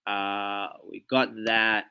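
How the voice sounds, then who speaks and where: A man's voice: on the low side, flat delivery, extremely slow, bright, forceful tone, clean tone. A man giving casual reaction commentary straight to his viewers, ranting with many "okay"s and "like"s. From Australia. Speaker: commentary vlogger.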